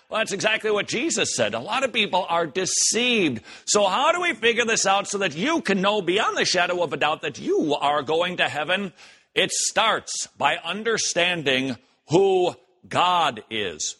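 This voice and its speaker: A man hosting a commentary show, reacting to clips with animated, joking asides. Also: high voice, moderate pace, slightly rough. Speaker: host.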